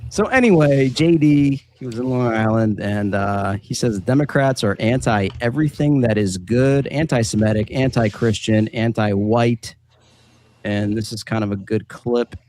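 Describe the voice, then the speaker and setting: A man hosting a livestream show in relaxed, chatty talk with lots of fillers. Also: mid-range voice, normal speed, a little hiss or hum. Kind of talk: casual chat.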